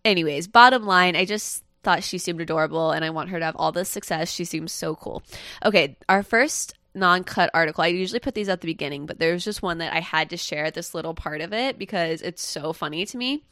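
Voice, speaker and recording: With a fairly low, sharp-toned voice moving a little fast, a woman co-hosts a podcast. She rambles casually through lots of fillers, captured in clean studio sound without room noise.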